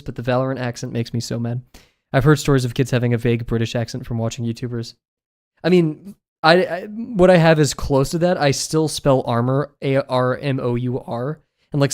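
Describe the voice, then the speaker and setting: A man's voice: medium pitch, darkish tone. A young man chatting casually while he draws on a livestream, rambling and giggling with lots of filler words. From United States. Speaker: streamer.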